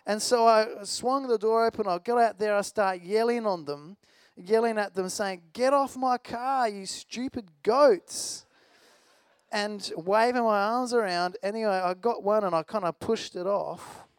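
High-voiced man preaching a sermon. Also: normal speed, smooth, no room sound. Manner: conversational, storytelling, self-deprecating. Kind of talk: sermon with a personal story.

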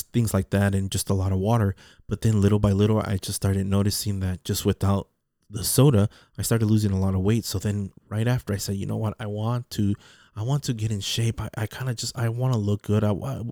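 A man's voice: fairly low pitch, dark tone, no room sound, clean studio sound. A man talking casually in a rambling monologue, repeating words and restarting his sentences. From Mexican heritage.

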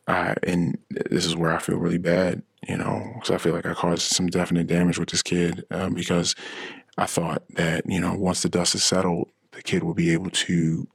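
A middle-aged man hosting a podcast, telling a painful personal story in a halting, emotional way, with many restarts and fillers. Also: low voice, creaky, slightly rough, no room sound, studio quality. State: emotionally shaken. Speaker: podcast host. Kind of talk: personal confessional monologue.

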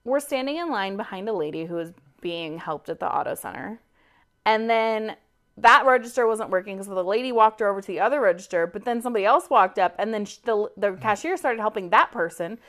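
A woman co-hosting a podcast, telling a story in animated casual chat and swearing freely. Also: medium pitch, a little fast. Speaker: podcast co-host.

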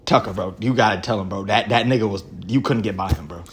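A man's voice: lowish voice, fast. A man co-hosting a podcast, retelling a pickup basketball game in casual, profane slang. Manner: animated storytelling, profane slang. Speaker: podcast co-host. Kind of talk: casual chat.

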